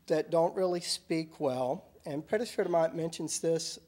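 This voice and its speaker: A middle-aged man with a soft Southern Virginia accent gives a conference talk to a university audience. He reasons aloud in a wry, measured way, pausing to correct himself, and his voice sits a little higher than most men's. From Richmond, Virginia, US. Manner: thoughtful, wry lecturing with some self-corrections. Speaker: academic speaker at a symposium. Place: university symposium hall.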